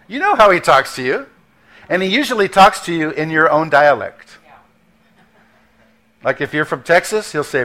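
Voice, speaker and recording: A man delivers a sermon with an easy, conversational touch, dropping into quick acted asides. His voice sits a little higher than most men's. He slows right down to land his key points. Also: big pitch swings, bright, forceful tone. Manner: conversational preaching with acted asides and slowed emphasis. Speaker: pastor.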